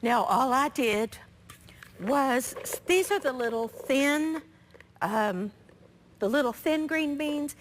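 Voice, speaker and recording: A woman hosting a live cooking demonstration, her voice raspy from allergies, chatting homily with viewers. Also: on the high side, a little hiss or hum. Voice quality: chatty, homey, talks to viewers directly. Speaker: cooking show host.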